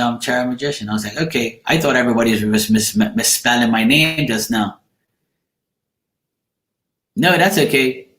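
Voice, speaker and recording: This Bermudian tarot reader's voice is fairly low and a bit bright, echoing around the room as he chats with live viewers. Casual and rambling, he answers chat comments by name.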